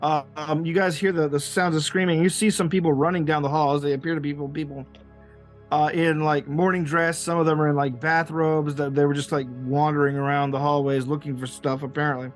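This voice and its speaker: A man's voice: a little high, level tone, a little fast, soft background music. A man narrating as game master, hesitant and full of restarts. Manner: hesitant, many fillers and restarts.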